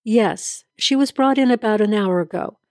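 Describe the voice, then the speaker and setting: A woman's voice: mid-range voice, normal speed, no room sound, natural voice. A cool hospital receptionist answers by the book in an audio drama, detached and procedural, as a woman reads her. The sound is dry and close to the mic.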